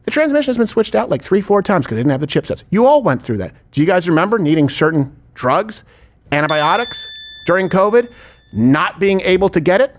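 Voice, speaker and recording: A man's voice: sits high, sing-song, brisk. A man hosting a political talk show, asking rhetorical questions with heavy sarcasm. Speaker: host. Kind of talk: political commentary chat.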